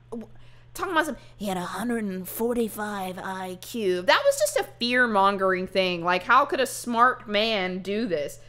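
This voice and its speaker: A woman's voice: a little high, bright, forceful tone. A woman streamer reacting bluntly to a true crime interview, swearing and arguing with chat. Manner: blunt, profane, incredulous. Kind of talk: casual reaction commentary.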